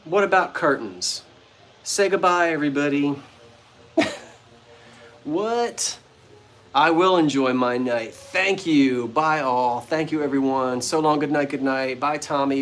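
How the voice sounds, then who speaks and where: A man's voice: a little high, fairly bright tone, slight background noise. Chatty man hosting a live sale. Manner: chatty, playful, talks to viewers by name. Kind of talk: casual livestream chat. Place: front porch of an old bungalow.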